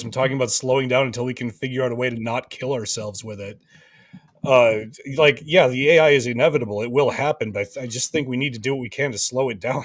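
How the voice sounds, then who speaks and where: A man's voice: mid-range voice, dry recording, clean studio sound, distant mic. A man on a video call talking emphatically and rambling, with lots of fillers, in a casual panel chat. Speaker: co-host.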